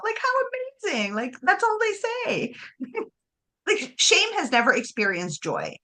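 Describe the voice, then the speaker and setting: A woman chatting casually about spirituality, animated, laughing often and acting out voices. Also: extremely high pitch, measured pace.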